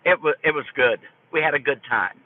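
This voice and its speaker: An older woman streaming live, telling a story to her chat in an animated, folksy way. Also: low voice, brisk. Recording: tinny phone-like dry audio.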